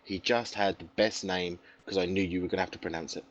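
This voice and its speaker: A man's voice: sits low, fairly even intonation, fast, highs cut off, heavy background noise. A man co-hosting a casual sports podcast, talking in rambling bursts with restarts. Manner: rambling, many restarts and fillers. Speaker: podcast co-host.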